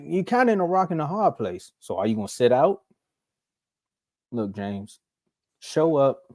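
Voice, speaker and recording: Male sports podcast host, relaxed mellow tone, dry close mic, lively mock impressions. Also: on the high side, no room sound. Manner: animated, acts out quotes in mocking voices. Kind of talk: casual sports talk.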